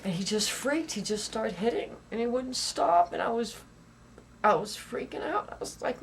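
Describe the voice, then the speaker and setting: A woman giving personal testimony in a documentary interview, halting and repeating herself, rising to loud intensity and dropping to whispers. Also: a little high, lively intonation, gravelly, slight background noise.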